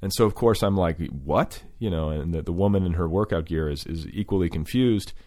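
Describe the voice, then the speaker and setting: A man's voice: deep voice, brisk, warm tone, no room sound, clean studio sound. A man hosting a podcast, telling a long rambling story full of fillers and restarts, then introducing his guest. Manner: rambling, filler-heavy, self-correcting. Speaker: podcast host. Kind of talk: storytelling monologue.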